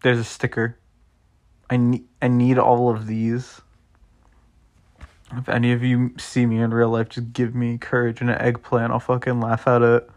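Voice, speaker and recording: A man's voice: medium pitch, monotone, moderate pace, long pauses, a little mellow, lo-fi sound. A young man chatting casually to his viewers, swearing freely and repeatedly breaking into laughter. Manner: giggly, keeps breaking into laughter. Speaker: vlogger. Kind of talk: casual rambling commentary.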